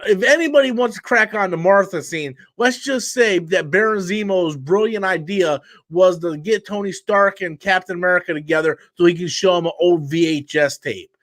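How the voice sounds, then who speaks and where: Tired male stream host, higher-pitched voice, blunt and profane, rambling casual rant. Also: moderate pace, hardly any pauses, fairly bright tone, no room sound.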